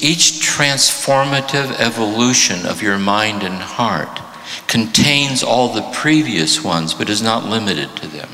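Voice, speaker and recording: Retreat teacher, man, low voice, bright edge, long hall reverb. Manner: animated storytelling, reflective. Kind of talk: spiritual talk with jokes.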